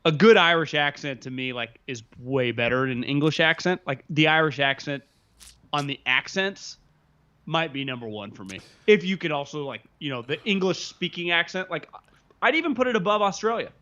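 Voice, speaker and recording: A man's voice: a little high, moderate pace, sharp tone, dull audio. Rambling male sports podcast co-host. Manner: rambling, lots of "like" fillers. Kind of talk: casual sports chat.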